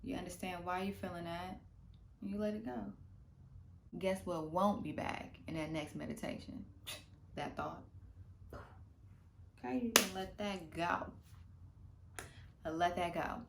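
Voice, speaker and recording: A woman vlogger giving casual, playful meditation advice, full of slang, swinging from lively bursts to soft murmurs. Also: fairly low pitch, unhurried, creaky, long pauses, noisy background. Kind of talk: casual instructional talk. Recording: roomy room echo.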